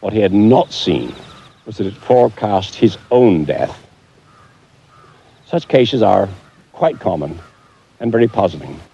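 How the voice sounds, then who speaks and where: Documentary presenter, man, very low dark husky voice, calm and dry. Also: a little slow, pauses often. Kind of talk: measured storytelling to camera. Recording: slightly dull documentary audio.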